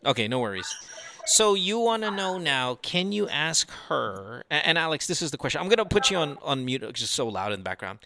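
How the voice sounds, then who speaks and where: A man's voice: a little high, sing-song, fairly quick, creaky, bright, forceful tone. A male host of a call-in advice podcast, brash, crude and teasing with his callers. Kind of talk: call-in advice show banter.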